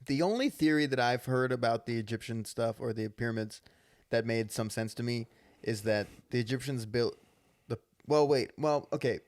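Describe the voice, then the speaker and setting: A man's voice: medium pitch, moderate pace, no echo. Joking young man co-hosting a podcast. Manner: joking, rambling with lots of "like". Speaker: podcast co-host. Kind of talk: casual comedic chat.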